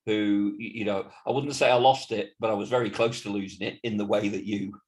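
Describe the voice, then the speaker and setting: A man's voice: on the low side, steady tone, a little fast, darkish tone. A man interviewing a guest and reading out viewer questions, sympathetic, with stammering restarts.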